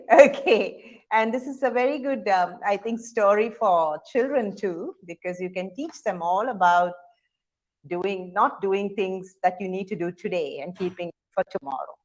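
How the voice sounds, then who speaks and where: Lively woman telling a children's story. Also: medium pitch. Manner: animated, with sound effects and audience prompts.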